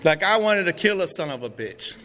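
At a recovery meeting in a meeting hall, a middle-aged man delivers his testimony rawly, profanely, and with streetwise flair. His high voice is very animated, bright, and forceful, and he talks a little fast. The recording has hall reverb and faint room noise.

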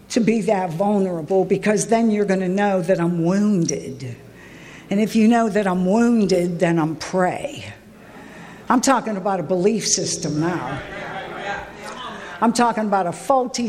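A woman telling her own recovery story at a meeting, candid and emotional, her voice swinging from high to low. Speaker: recovery speaker. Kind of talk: personal recovery share at a meeting. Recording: echoey hall with long reverb.

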